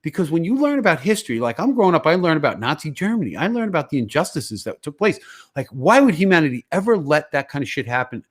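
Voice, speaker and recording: A man's voice: on the high side, very animated, fast. A man, a guest on a casual podcast, ranting in a heated, emphatic way with plenty of swearing.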